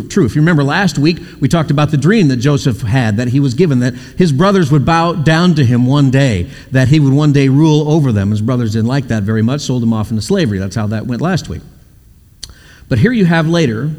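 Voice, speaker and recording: A man's voice: mid-range voice, animated, brisk, a little mellow. Man preaching in a reverberant church hall. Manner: storytelling, acting out quoted voices. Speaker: pastor. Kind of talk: sermon.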